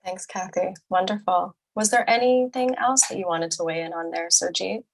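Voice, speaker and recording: A woman hosts the conversation, inviting her guests in with short, encouraging prompts. Her voice is very low for a woman and carries a gravelly vocal fry. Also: normal speed, slight background noise, low-quality recording. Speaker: podcast host. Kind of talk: interview hosting.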